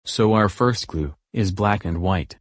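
A man's voice: low-pitched, unhurried, over loud music. A man hosting a children's show, explaining things step by step to young viewers in an upbeat way.

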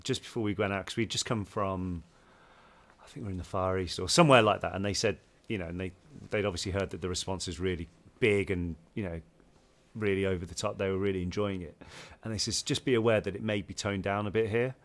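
A man's voice: low-pitched, steady tone, fast. A man from England co-hosting a podcast, chatting casually and rambling through stories with many restarts. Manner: rambling, restarts sentences, laughs while telling stories. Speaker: podcast co-host. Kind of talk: casual interview chat.

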